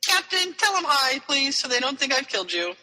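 A man's voice: extremely high pitch, very animated, brisk, sharp tone, in a large hall, voice pushed up, exaggerated voice, low-quality recording. A man voicing a cocky young male wizard pilot in a breezy, teasing announcer tone.

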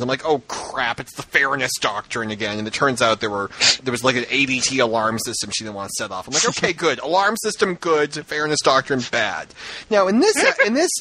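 Bright animated man ranting. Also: poor audio. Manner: animated ranting, acts out quotes in high voices. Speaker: podcast co-host. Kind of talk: casual chat.

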